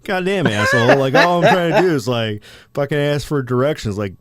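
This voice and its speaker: A man's voice: medium pitch, moderate pace, darkish tone, clean tone, no room sound, studio quality, close to an everyday voice. A man voicing a lost male driver who rants indignantly and curses after a door is shut on him. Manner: indignant rant, heavy cursing.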